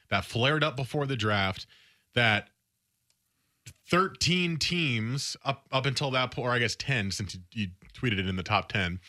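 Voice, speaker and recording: Radio guy, bright voice, fired up and opinionated about sports. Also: mid-range voice. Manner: animated, opinionated, emphatic. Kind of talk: casual sports radio talk.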